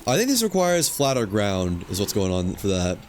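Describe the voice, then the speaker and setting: This is casual gameplay commentary from a man with a fairly low voice at a moderate pace, relaxedly muttering and thinking out loud about what he's doing on screen as he streams. A little hiss or hum is audible.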